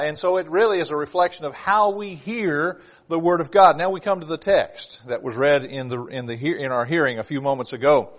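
Emphatic male preacher, fairly high voice. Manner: builds from calm welcome to loud emphatic preaching; repeats words when restarting. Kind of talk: sermon.

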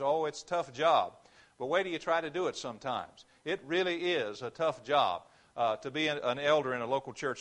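A male preacher delivers an earnest sermon from a church pulpit. His voice sits a little on the high side, and he stresses his points firmly, building on repeated phrases. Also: fairly bright tone.

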